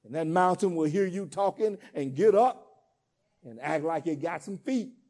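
A man's voice: fairly high pitch, animated, normal speed, darkish tone. A man preaching a sermon, with call-and-response cadence and casual vernacular asides, building to emphatic peaks. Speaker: pastor.

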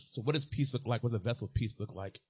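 A man's voice: mid-range voice, fairly quick, darkish tone, breathy edge. A man preaching a sermon as a pastor, repeating key phrases and building to emphatic peaks.

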